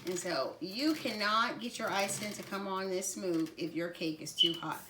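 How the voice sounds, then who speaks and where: A woman with a Southern US drawl walks viewers through a home baking demonstration, chatting to them in a friendly way and laughing often. Her voice sits at a middle pitch. A loud mixer hums and clicks in her kitchen the whole time. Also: normal speed, background noise. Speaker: home baker host. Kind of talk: cooking demonstration.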